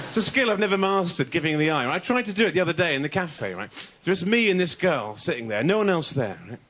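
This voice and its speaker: A man doing a stand-up comedy set on a TV show, telling observational jokes in an animated way. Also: on the high side. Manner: animated, mock French and mock-suave voices. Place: TV comedy studio stage. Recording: TV studio with loud audience laughter.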